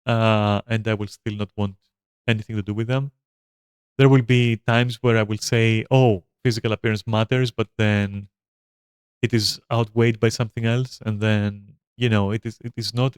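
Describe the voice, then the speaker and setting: A man's voice: fairly low pitch, smooth, no room sound, studio quality. Rambling, swearing man streaming a game. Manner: rambling, profane, with frequent fillers. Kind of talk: casual gameplay commentary.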